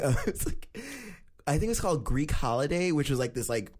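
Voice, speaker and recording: A young man tells a story on a comedy podcast with big, animated delivery. His pitch swings widely as he goes. His voice sits in a middle register. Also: fast talker. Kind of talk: casual comedic chat.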